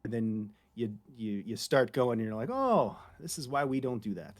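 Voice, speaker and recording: A man voice director chatting casually in a roundtable, playful and quick to slip into joke accents. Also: mid-range voice, expressive.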